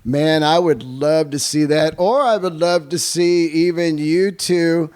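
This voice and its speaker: A man's voice: on the high side, unhurried, a little mellow, clear, resonant tone. A man hosting a podcast, talking in a loose, rambling, profane casual way. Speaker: podcast host. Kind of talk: casual chat.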